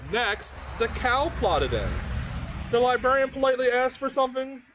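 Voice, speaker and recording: Playful, animated man reading to kids. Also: very high voice, moderate pace, background noise. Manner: playful, chatty asides to kids. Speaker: library storyteller. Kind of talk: children's story read-aloud.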